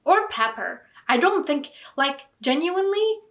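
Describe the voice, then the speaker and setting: A woman's voice: high-pitched, big pitch swings, measured pace, a bit bright. A young woman vlogging about books, talking casually and animatedly with dramatic, indignant outbursts. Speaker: book vlogger. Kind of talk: casual reaction vlog.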